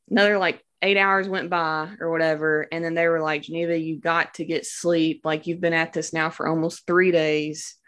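A young woman telling her birth story in a casual, devout way, with many fillers and words of praise. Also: sits low. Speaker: new mother sharing a birth story. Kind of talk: casual personal testimony.

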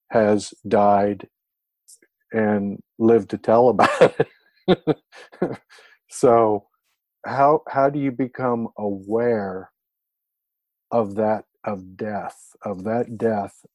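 Man, Bible study leader, unhurried, thoughtful, halting, dry sound. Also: fairly low pitch, darkish tone, no echo. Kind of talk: reflective Bible teaching. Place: room with a group.

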